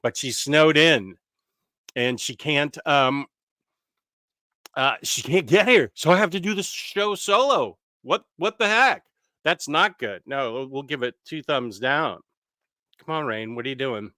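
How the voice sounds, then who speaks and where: Man, livestream host, bright and clear, rambling, self-interrupting chatter. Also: mid-range voice, animated, a little slow, no room sound, clean studio sound. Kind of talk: casual live-stream chat. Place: home room.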